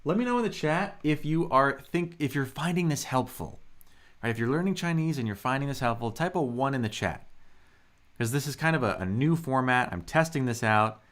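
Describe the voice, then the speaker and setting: A man's voice: mid-range voice, animated, a little fast, fairly bright tone. A man teaching Mandarin pronunciation on a live stream, upbeat and encouraging as he drills words and tones. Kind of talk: live-streamed language lesson.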